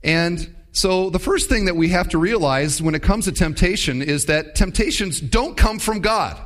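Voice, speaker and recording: High-voiced man preaching a sermon. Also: lively intonation, moderate pace, a bit bright. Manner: conversational, emphatic teaching with rhetorical questions.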